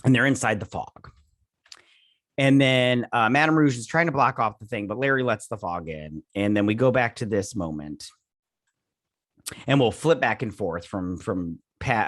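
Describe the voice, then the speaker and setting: A man's voice: mid-range voice, fairly bright tone, dry recording, studio quality. A man hosting a casual TV episode recap, rambling through the plot with lots of fillers and restarts, sipping coffee early in the morning. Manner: rambling, filler-heavy, paraphrasing scenes. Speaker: host reviewing a TV episode.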